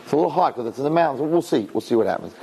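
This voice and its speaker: A middle-aged man, a rabbi, telling stories to an audience in an animated way, repeating phrases and acting out dialogue. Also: medium pitch, rapid-fire, husky. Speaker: rabbi and speaker. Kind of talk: storytelling talk to an audience. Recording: long reverb in a hall.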